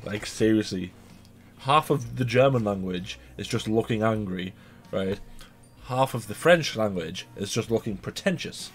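A man's voice: fairly low pitch, expressive, a little slow. A man with a Northern English accent chatting casually while watching a film, teasing and mock-provocative, laughing often. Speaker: reaction video co-host. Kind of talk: casual chat over a film.

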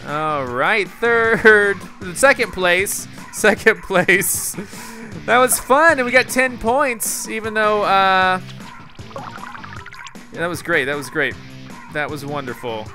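A young man giving casual live commentary on his own gameplay, excitable and quick to break into loud frustration. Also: high-pitched, soft background music. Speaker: gaming YouTuber.

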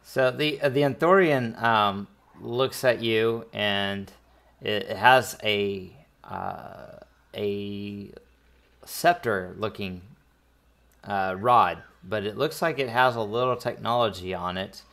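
A man runs a tabletop game with a low, smooth, clear voice. He narrates in an unhurried, rambling way, doubling back and restarting as he goes. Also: fairly bright tone. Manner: rambling, many fillers and restarts. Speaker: game master.

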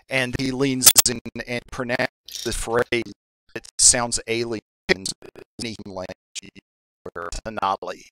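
Bright-voiced man running a tabletop game. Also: mid-range voice, level tone, no echo, low-quality recording. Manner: improvised, halting scene-setting with restarts. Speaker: game master.

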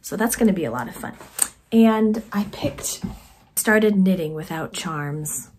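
A woman vlogger chatting casually about her knitting projects in a soft, conversational way that often trails off quietly. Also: fairly low pitch, expressive, unhurried, slight background noise. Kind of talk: casual chat to camera.

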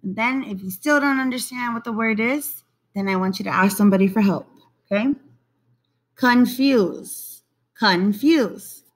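A woman teacher giving a recorded reading lesson for young children, repeating each word slowly and coaxing them along. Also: mid-range voice. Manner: slow, drawn-out word repetition, coaxing.

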